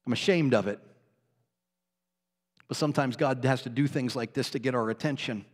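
A man preaching a sermon, telling a personal story with strong emotion and often dropping to hushed tones. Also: mid-range voice, moderate pace. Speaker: pastor. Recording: long hall reverb.

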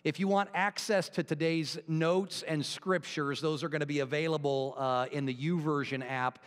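High-voiced pastor in a reverberant church. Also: male voice, steady tone, normal speed, clear, resonant tone. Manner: folksy storytelling, casual asides. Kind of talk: sermon with opening joke. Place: church sanctuary.

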